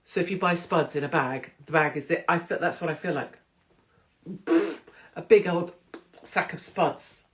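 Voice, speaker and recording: A woman's voice: low-pitched, moderate pace. Chatty, irreverent British-accented woman hosting a live stream. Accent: British English. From England. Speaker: host of a live-streamed show. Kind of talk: casual live-stream chat. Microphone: phone or computer live stream.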